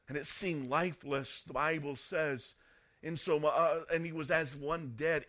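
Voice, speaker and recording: A man preaching a sermon, emphatic and dramatic, swinging between loud bursts and hushed passages and leaning slowly on key words. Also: on the high side. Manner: stressing single words slowly.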